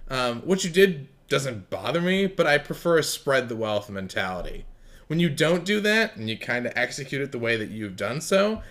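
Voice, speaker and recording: A man judging writing contest entries, blunt, sarcastic and profane, swinging between loud bursts and muttered asides. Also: mid-range voice. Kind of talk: recorded critique of contest entries.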